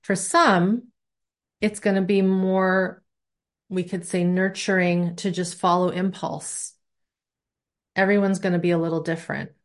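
A woman teaching a body-awareness class, talking in a relaxed, conversational way. Her voice sits slightly low for a woman. She explains her ideas through everyday examples. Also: a little slow. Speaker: somatic teacher.

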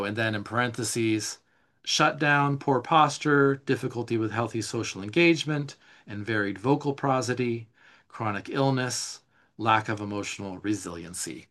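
A man leading a live somatic class, reading notes aloud and explaining them in a relaxed, conversational way, responding to viewer questions. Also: on the low side, normal speed. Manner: reads slides aloud, then explains in casual asides. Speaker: somatic teacher. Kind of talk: live online class teaching.

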